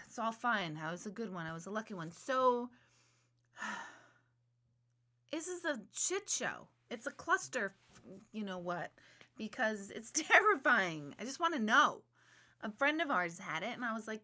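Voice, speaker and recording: A woman in her forties, working as an intuitive medium, hosts a live stream and chats casually with her viewers. She rambles and jokes at her own expense while searching for words. Her medium-pitched voice is pushed and bright, with lively intonation and a normal speed.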